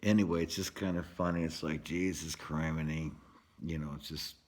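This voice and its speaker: A man with a low, deep voice rambles through a casual rant to his camera, swearing freely and drifting from one thought to the next. He speaks from inside his unfinished home garage in a loose, laid-back storytelling manner. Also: fairly even intonation, moderate pace, a little mellow. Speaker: vlogger giving a home project update.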